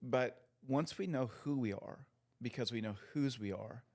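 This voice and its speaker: A man's voice: mid-range voice, normal speed, a little mellow. A man co-hosting a faith podcast, reflecting in a teaching tone and repeating phrases for emphasis. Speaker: podcast co-host. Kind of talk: casual faith podcast chat.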